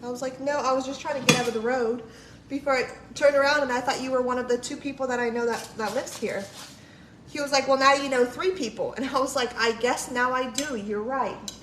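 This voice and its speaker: A woman's voice: high-pitched, steady tone, brisk, fairly bright tone. A woman casually telling a long story on a livestream, chatty and full of "like", quoting people and swearing freely. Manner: chatty, lots of "like", quotes people in her story. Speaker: livestream vlogger. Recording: echoey room, faint background noise.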